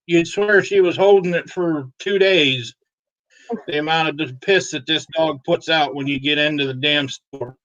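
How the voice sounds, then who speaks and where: A man's voice: a little high, dull audio. A man telling crude comic stories on a live show, cursing often and laughing at his own jokes. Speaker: co-host. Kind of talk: crude comedic storytelling.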